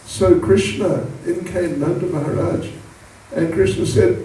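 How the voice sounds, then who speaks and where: A man giving a storytelling sermon to an audience in a large hall, with asides to his listeners. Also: high-pitched. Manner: animated, slow, with asides to the audience. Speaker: monk giving a talk. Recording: echoey hall from far off.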